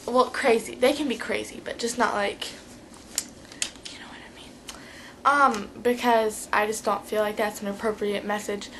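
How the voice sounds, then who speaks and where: A woman's voice: medium pitch, fairly even intonation, moderate pace, few pauses, a bit bright, slight background noise, low-quality recording. A teenage girl giving a rambling, chatty vlog tutorial, full of fillers. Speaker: vlogger.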